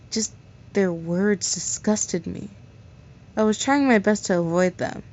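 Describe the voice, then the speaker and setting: A woman's voice: lowish voice, darkish tone, a little hiss or hum. A woman reading a fan fiction story aloud in a casual way, stumbling over words and correcting herself. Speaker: story reader. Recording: slightly dull lo-fi recording.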